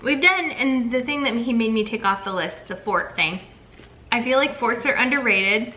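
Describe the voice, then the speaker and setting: Chatty young woman, bright crisp voice, upbeat casual chat with her husband. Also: on the high side, animated, normal speed, poor audio. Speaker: co-host.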